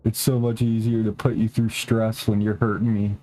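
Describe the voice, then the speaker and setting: A man's voice: little pitch movement, moderate pace, dark tone. A young man streaming a game, chatting casually and rambling, swearing a lot and talking to his cats. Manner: rambling, profane, talks to his cats in a high baby voice.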